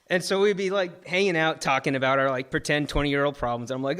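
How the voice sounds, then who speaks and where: A young man from Florida telling an emotional personal story on stage, animated, full of likes and fillers. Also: fairly high pitch, fast talker, clear, resonant tone. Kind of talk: live personal storytelling talk.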